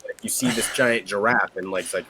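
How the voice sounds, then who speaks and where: A man chatting excitedly about games, swearing a lot and saying "like" constantly. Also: fairly low pitch, fairly quick, slight background noise, rough recording. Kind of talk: casual gaming chat.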